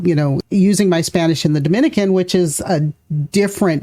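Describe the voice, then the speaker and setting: A woman's voice: sits low, warm tone. A middle-aged woman hosting a podcast interview, talking reflectively and thinking aloud in a casual way. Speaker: podcast host.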